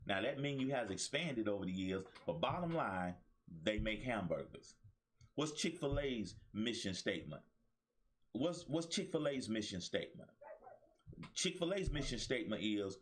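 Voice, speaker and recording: A man hosting his own motivational talk show, preaching to listeners with repeated phrases. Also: medium pitch. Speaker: life coach and show host.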